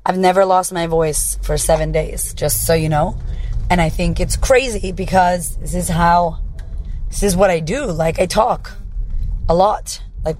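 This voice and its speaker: An American woman with a hoarse, raspy voice from losing it, hosting her podcast as a confidence coach in upbeat, profane, rambling chat. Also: on the low side, darkish tone.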